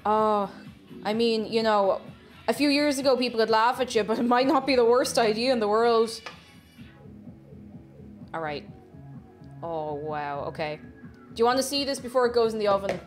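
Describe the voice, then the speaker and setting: A woman's voice: a little high, lively intonation, normal speed, pauses often, soft background music. A woman chatting casually while she bakes in her home kitchen during a livestream, gushing about food and reading viewer comments aloud. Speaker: streamer.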